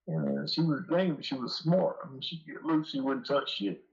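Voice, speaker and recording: Guest: man with a raised, gravelly voice. Rambling, profane storyteller, heard on dull lo-fi audio. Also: a little high, moderate pace. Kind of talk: casual storytelling interview.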